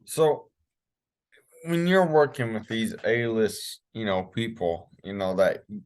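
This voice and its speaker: Low-voiced male host asking questions. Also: slow pace. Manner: chatty, loose questions with fillers. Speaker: podcast host. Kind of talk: casual interview.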